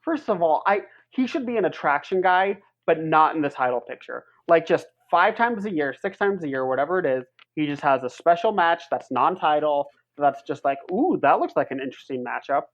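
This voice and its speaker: A man's voice: a little high, lively intonation, moderate pace, few pauses, dull audio. A man co-hosting a wrestling podcast in a casual chat, ranting heatedly and swearing as he talks.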